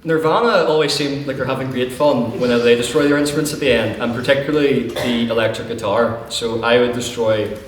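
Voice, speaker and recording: A man's voice: medium pitch, steady tone, fairly quick, hardly any pauses. A young man, presiding over a student debating society and fielding questions with jokey, self-deprecating puns. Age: young adult. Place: large lecture hall with an audience. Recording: echoey hall from far off, noisy.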